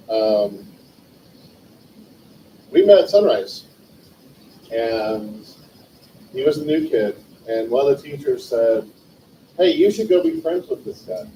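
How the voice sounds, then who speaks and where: Man, 40s, from California, rambling memorial anecdotes, mellow voice, echoey room, faint hiss. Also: mid-range voice. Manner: rambling anecdotes with self-corrections. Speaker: eulogy speaker. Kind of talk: livestreamed memorial storytelling. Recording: distant mic, roomy echo, faint noise.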